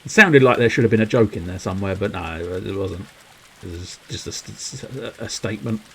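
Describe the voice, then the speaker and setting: A man's voice: fairly low pitch, normal speed, gravelly, bright, forceful tone, a little hiss or hum, rough recording. A man streaming a game, rambling playfully to his viewers with cheeky innuendo. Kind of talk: casual livestream commentary.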